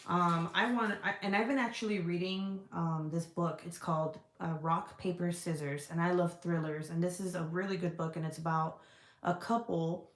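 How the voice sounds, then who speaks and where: A woman's voice: fairly low pitch, steady tone, moderate pace, reverberant. A woman hosting a casual livestream, chatty and profane as she answers viewer comments. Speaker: livestream host selling scented products. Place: indoor room.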